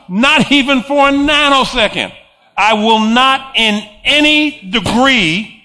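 A man's voice: extremely high pitch, expressive, slow, pushed and bright. A man preaching a sermon, emphatic, repeating phrases and chuckling between points.

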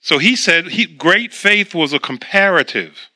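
A man's voice: high-pitched, lively intonation, a little slow, bright, forceful tone. A man preaching a sermon, reading scripture aloud and then explaining it in a conversational way.

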